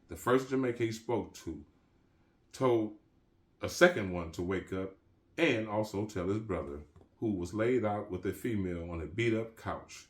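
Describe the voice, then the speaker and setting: Low-voiced man reading his novel casually. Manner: relaxed, street slang, restarts mid-sentence. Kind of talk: casual reading with slang asides.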